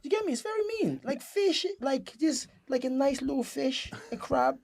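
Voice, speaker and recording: A man telling an animated anecdote as a comedian guest on a chat podcast. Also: moderate pace, creaky, slight background noise. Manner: animated storytelling with big pitch jumps. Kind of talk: casual chat.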